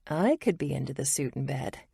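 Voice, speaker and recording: A woman's voice: very deep voice, expressive, fairly quick, vocal fry, warm tone, breathy edge, no echo, studio quality, heavily acted. A woman voicing a tipsy, playful young woman who talks in a gossipy, suggestive way.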